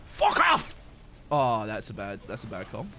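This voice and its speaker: A man streaming a video game in casual chat, excitable and sweary, breaking into shouts and laughter. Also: on the low side, brisk. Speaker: gaming streamer. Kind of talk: casual live-stream chat over gameplay. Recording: faint music behind.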